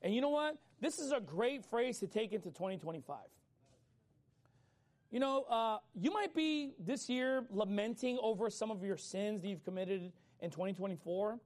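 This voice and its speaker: A man preaching a sermon in a casual, conversational way, acting out people's complaints and urging listeners to get up and act. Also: high-pitched. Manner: fast, animated delivery. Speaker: pastor.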